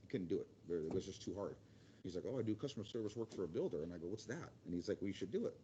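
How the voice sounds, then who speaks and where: A man's voice: low voice, expressive, rapid-fire, mellow, muffled recording, a little hiss or hum. A middle-aged man giving a casual career talk as a guest speaker, rambling and acting out quotes in other voices.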